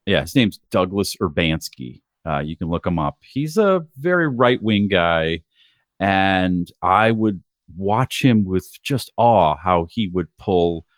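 A low-voiced man swings his pitch about as he spins a casual story for the group. He tells it with wry asides. The dry sound comes through a quiet video-call mic. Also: lively intonation, takes it slowly, no room sound. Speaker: guest in a group chat.

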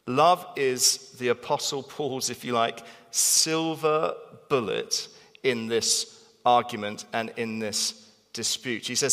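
A man preaching a sermon in a church hall, animated and emphatic, repeating phrases for stress. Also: mid-range voice, slow. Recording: long reverb of a large hall.

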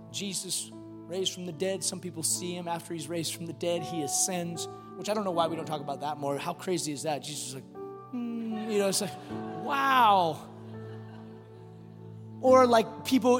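A man preaching a sermon, swinging between loud bursts and quiet, hushed drops. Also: high-pitched. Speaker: pastor. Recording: long hall reverb with faint music.

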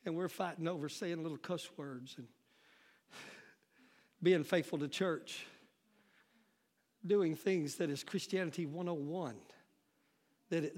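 A man preaching a sermon as pastor, calling out to the congregation and building up to shouts. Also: a little high.

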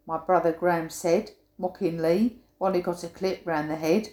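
A woman's voice: deep voice, steady tone, normal speed, hardly any pauses, darkish tone. An older woman reading her own humorous rhyming poem aloud, giving quoted sayings a playful, punchy emphasis. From England. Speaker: poet. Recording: roomy echo.

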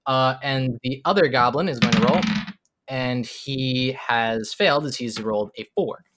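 Bright-voiced, halting game master. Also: medium pitch. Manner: halting, amused, lots of fillers. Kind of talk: narrating a tabletop game.

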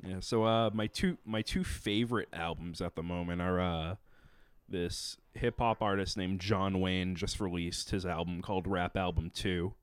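A young man chatting as a podcast guest, halting with lots of fillers and restarts. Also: low-pitched, steady tone, clean tone, no room sound. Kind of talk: casual chat.

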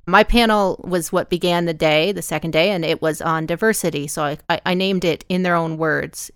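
Woman, smooth clear voice, slightly low, dry sound, chatty co-host. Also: fairly even intonation, normal speed, no echo. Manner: chatty, laughs easily. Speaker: podcast co-host and panel moderator. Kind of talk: casual recap chat.

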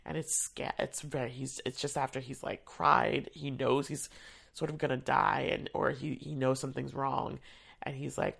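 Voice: mid-range voice, lively intonation, moderate pace, gravelly, fairly bright tone, slightly rough. An adult who works in theater education tells a personal story in a casual, chatty way, with lots of fillers, and acts out what people said. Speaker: theater education staff member.

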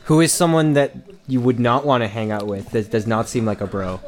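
A man's voice: mid-range voice, fairly even intonation, fairly quick. Laid-back young Canadian guy chatting. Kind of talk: casual chat.

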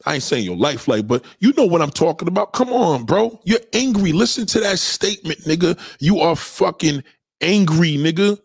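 A high-pitched, husky man rants on a podcast. He is loud, preachy and keeps repeating his points, and his pitch jumps all over. The mic is close and dry. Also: animated, normal speed, dry recording. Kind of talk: profane ranting commentary.

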